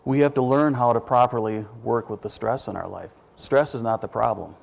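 A man's voice: mid-range voice, fairly quick, creaky. A man preaching a sermon in a conversational way, quizzing his listeners with questions and dropping self-deprecating asides.

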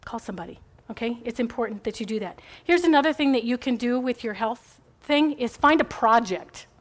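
A woman's voice: fairly high pitch, lively intonation, fairly quick. A middle-aged woman giving a chatty, rambling faith talk to a group, encouraging and full of asides.

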